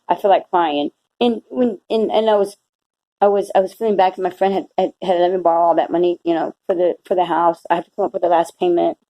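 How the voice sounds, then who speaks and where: Middle-aged woman, mellow tone, rambling heartfelt faith vlog, lots of restarts. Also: lowish voice, steady tone, quick pace, highs cut off. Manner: rambling, emotional, frequent restarts. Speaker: Christian vlogger. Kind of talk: casual personal testimony.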